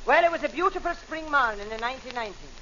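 A man's voice: very high voice, expressive, racing, pushed and bright, slight background noise, full character voice. A man voicing a stubborn long-haired crank who hates barbers, in a stage brogue that says "me" for "my", blustering into indignant outbursts in a 1940s radio comedy sketch. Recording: dull lo-fi old radio broadcast.

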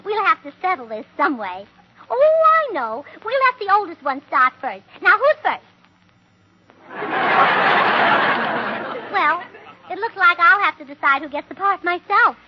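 Very high-voiced chirpy woman in 1940s radio comedy. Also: animated, a little fast, a loud crowd. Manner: scatterbrained, chirpy and sing-song. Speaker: comedian and co-host. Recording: dull 1940s radio broadcast with studio audience and hiss.

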